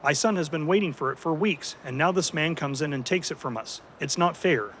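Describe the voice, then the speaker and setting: A man's voice: a little high, brisk, a bit bright, slight background noise, close to an everyday voice. A man reading the lines of an entitled, unhinged woman who demands what is not hers. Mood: demanding.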